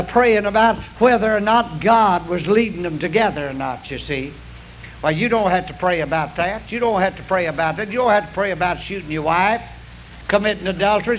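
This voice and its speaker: An older man delivers a sermon in a notably high voice. His preaching is folksy and emphatic, leaning on repetition. A faint hiss sits under the recording, like an old sermon tape. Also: poor audio. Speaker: pastor.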